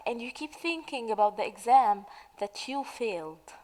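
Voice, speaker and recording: A woman teaching the meaning of idioms in a slow, patient way, asking questions and then answering them. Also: fairly high pitch, animated, darkish tone, big-room sound, rough recording. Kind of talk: slow explanatory lesson narration.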